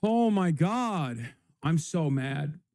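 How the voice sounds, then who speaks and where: A man's voice: on the high side, expressive, extremely slow, darkish tone. A man ranting angrily on a live stream, swearing often and emphatic. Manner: angry, profane, emphatic.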